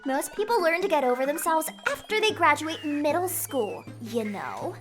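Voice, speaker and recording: A woman voicing a bratty, mocking little teenage girl, snappy and taunting in a very high, bright voice. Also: sing-song, moderate pace, faint music behind.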